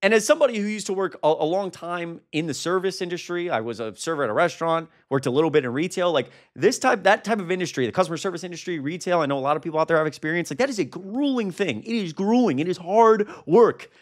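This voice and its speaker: A man's voice: high-pitched, expressive. A young man reacting to a protest video as a political commentator, indignant and exasperated. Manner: indignant, exasperated, quick asides.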